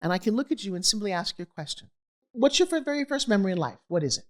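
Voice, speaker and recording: A woman's voice: medium pitch, big pitch swings, racing. A middle-aged woman, a guest in an interview, telling her life story candidly and animatedly, acting out the voices of people she quotes.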